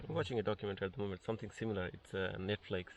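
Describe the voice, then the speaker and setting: A man's voice: fairly low pitch, fairly even intonation, very fast, recorded from a distance, slight background noise. A man speaking reflectively in a casual group talk, hesitant and thoughtful. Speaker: group participant.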